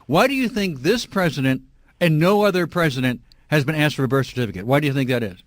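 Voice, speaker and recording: Middle-aged guy hosting call-in radio, worked up and emphatic, highish voice, very dry mic. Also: animated, fast, dry recording. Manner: heated, emphatic, indignant. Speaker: radio talk show host.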